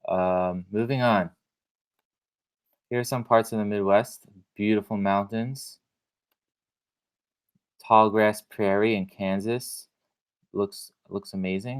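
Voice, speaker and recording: A deep-voiced man teaching his class in a relaxed, chatty way. He fills his talk with ums and uhs and often restarts his sentences. His manner is friendly and easygoing. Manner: casual, chatty, many fillers and restarts. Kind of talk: recorded classroom lesson.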